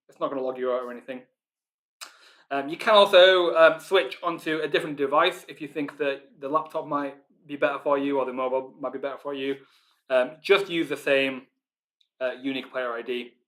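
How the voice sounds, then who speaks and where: A man with a Northern English accent hosting a live online pub quiz, chatting informally with lots of ums and reading each question out slowly, then repeating it. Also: medium pitch, a bit bright. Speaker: quiz host.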